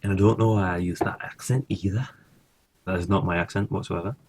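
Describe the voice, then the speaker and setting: A man's voice: low voice, steady tone, brisk, a little mellow, slightly rough. A man casually commentating his own gameplay, thinking aloud and swearing now and then. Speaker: gaming streamer.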